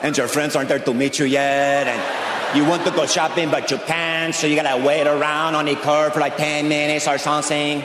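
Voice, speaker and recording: A man putting on the voice of a trapped male miner, talking in a slow, mock-serious, gloomy drawl on a roomy stage. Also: fairly high pitch, level tone, noisy background, natural voice. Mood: mock gloom. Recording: roomy stage with crowd ambience.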